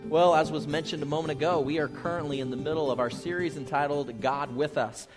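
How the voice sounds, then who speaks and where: Man, pastor, sermon, slightly high voice, storytelling, echoing hall. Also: steady tone, quick pace, music in the background. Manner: storytelling, building to emphatic repetition.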